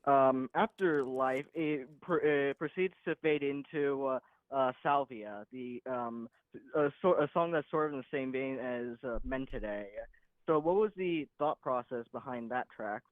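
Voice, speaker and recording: A man's voice: mid-range voice, measured pace, no room sound. Hesitant man on a tinny line. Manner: hesitant, many ums and uhs. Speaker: interview host. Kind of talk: casual interview questions.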